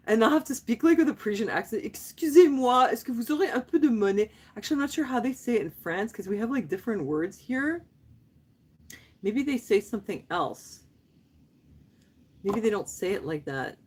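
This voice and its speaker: Husky-voiced woman in her fifties, chatty. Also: medium pitch. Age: 50s. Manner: chatty and playful, often laughing, mixes in French phrases. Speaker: livestream host chatting with viewers. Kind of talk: casual live chat.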